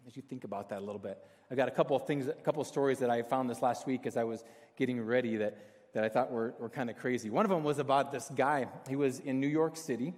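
A man's voice: medium pitch, fast, darkish tone. A man preaching as a pastor, telling stories in a casual, chatty and self-deprecating way to his church. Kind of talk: casual storytelling sermon. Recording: long hall reverb.

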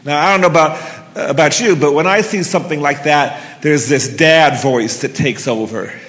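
A man's voice: on the high side, moderate pace, fairly bright tone, a little hiss or hum. A middle-aged man telling a personal story live on stage into a handheld mic, earnest and vivid, with casual swearing. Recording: long reverb of a hall.

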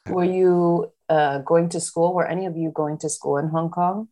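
A woman's voice: fairly low pitch, fairly even intonation, normal speed, mellow. A woman interviewing a guest casually, asking curious questions and giving short prompts.

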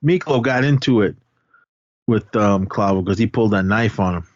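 A man with a lowish voice recaps a film on a podcast at a moderate pace, rambling along and acting out the characters' lines. The recording is dull, lo-fi audio with no room sound.

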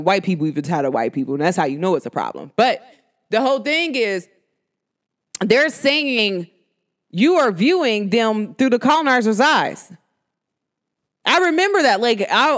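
Emphatic New York–New Jersey woman. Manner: emphatic and slangy, with big swings in pitch. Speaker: podcast host. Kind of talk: casual solo podcast monologue.

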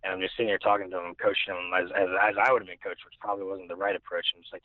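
A man's voice: sits low, level tone, rapid-fire, hardly any pauses, no room sound. A young man telling a personal story as an interview guest, rambling with many restarts and fillers. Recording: tinny phone-like line.

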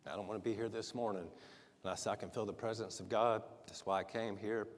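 A man preaching a sermon in a church, soft-spoken at first, then louder and livelier with chuckles. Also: fairly low pitch, steady tone, brisk. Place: church sanctuary. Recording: long hall reverb.

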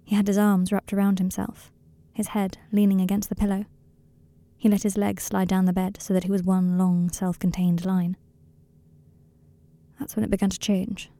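A woman reads a story aloud in a slow, intimate, quiet way. Her voice is dark and gravelly with dry, close sound. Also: medium pitch, level tone, dry recording. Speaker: narrator. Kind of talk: audiobook reading of fan fiction.

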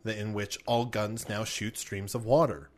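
A young man in a casual podcast chat, playful and quick to join in on jokes. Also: fairly low pitch, fairly even intonation. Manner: playful, joins in on bits.

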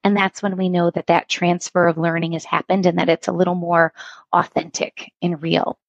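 A woman instructional coach telling stories in an earnest, animated way as a podcast guest. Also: on the low side, normal speed, creaky, dry recording, muffled recording. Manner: earnest, animated storytelling with acted quotes. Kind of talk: podcast interview storytelling.

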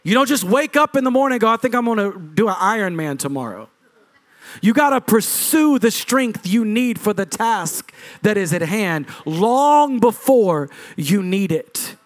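Pastor guy preaching, pretty high voice, hammers points over and over, gets loud then drops low. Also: big pitch swings, normal speed. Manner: preachy, punchy repetition, shifts pitch and loudness for emphasis. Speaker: lead pastor. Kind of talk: sermon.

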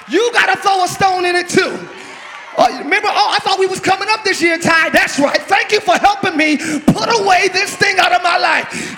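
High, gravelly preacher shouting to a live church. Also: male voice. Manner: preaching in bursts, calling on the congregation to answer. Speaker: pastor. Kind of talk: sermon. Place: large church hall before a congregation. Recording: live church hall with long reverb, crowd noise.

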